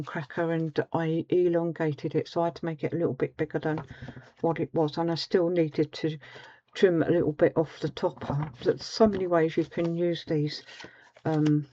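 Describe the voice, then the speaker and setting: A woman's voice: deep voice, dark tone, a little hiss or hum. A woman hosting a casual craft tutorial, chatting her way through each step with plenty of ums. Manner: chatty, rambling, with many ums. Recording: slightly dull home recording.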